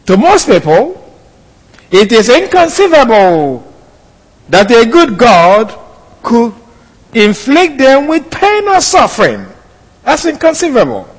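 A male pastor preaching a sermon with slow, emphatic, deliberate delivery. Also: very high voice, huge pitch swings, husky. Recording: long hall reverb.

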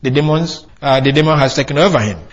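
A man's voice: medium pitch, fast talker, dull audio. A man preaching a sermon to a congregation, teaching in a conversational way with frequent restarts and fillers. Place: church hall.

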